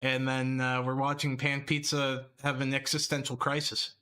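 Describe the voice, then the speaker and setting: Bright-voiced man mocking with laughter. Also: medium pitch, completely flat delivery, normal speed, smooth. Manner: laughing, mocking, blunt running commentary. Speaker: streamer. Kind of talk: live stream reaction commentary.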